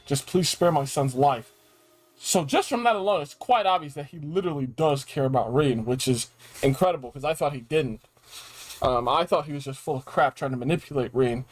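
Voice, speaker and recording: A man's voice: medium pitch, moderate pace. A man casually recapping a video game in a slangy, rambling way, sounding like he has a cold. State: sick with a cold. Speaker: game reviewer.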